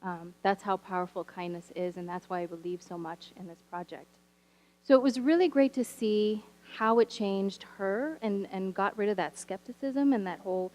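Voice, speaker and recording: A woman teacher telling stories from her classroom in a church sermon, animated and wry, with humorous asides. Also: medium pitch, normal speed, low-quality recording. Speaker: teacher sharing a story from the pulpit. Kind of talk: storytelling sermon. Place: church sanctuary.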